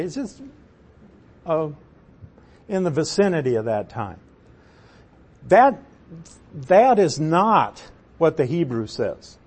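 A man teaching a sermon on a Bible passage, deliberate and emphatic, putting questions to his listeners. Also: a little high, a little mellow, slightly rough.

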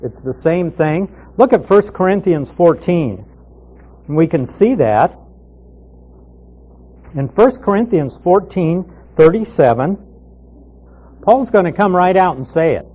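A man's voice: high voice, expressive, a little slow, pauses often. A man teaching a Bible class as a pastor, reading scripture aloud and stressing key words with emphatic repetition. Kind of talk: Bible study lecture. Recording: muffled lo-fi recording.

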